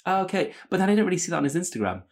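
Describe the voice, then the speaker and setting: A man's voice: high voice, sing-song, very fast, creaky. A man co-hosting a podcast, chatting casually and giving enthusiastic, opinionated takes. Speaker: podcast co-host. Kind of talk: casual comedic chat. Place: lives in London.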